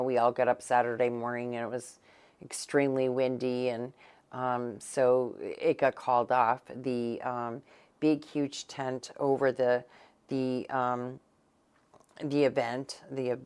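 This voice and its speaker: A woman's voice: rumbling low, clear, resonant tone. A woman co-hosting a casual local news chat, rambling with many fillers and restarts in a blunt, teasing way. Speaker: co-host.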